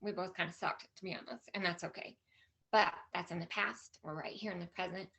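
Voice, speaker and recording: A woman's voice: fairly low pitch, steady tone, a little fast, gravelly, bright, forceful tone. A middle-aged woman speaking at a conference, telling a personal story with candid emotion and lots of quoted dialogue. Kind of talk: personal story told to an audience. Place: conference stage.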